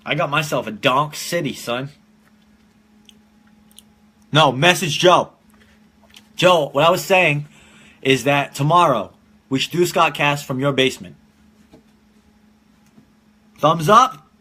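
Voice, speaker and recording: A man's voice: a little high, takes it slowly, long pauses, sharp tone, breathy edge. A man in his twenties hosting a casual live-streamed podcast from home, telling rambling, profane stories and laughing often. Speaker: podcast host.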